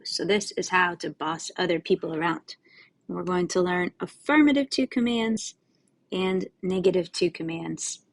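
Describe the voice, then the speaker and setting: A woman Spanish teacher giving a recorded lesson, explaining step by step to her students in a patient, casual way with friendly asides. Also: mid-range voice.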